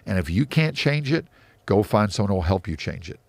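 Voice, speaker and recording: A low-pitched man with a gravelly, fry-laden voice gives motivational business advice. He is emphatic and keeps repeating his key phrases. The sound is dry and close. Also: big pitch swings, fairly quick, darkish tone, no room sound. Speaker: real estate investor and mentor. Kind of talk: interview answers.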